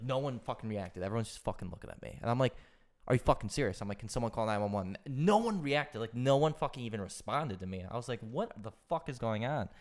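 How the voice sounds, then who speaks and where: Fast-talking young man telling a wild story. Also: mid-range voice. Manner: animated, profane, rambling with lots of fillers. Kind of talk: casual storytelling chat.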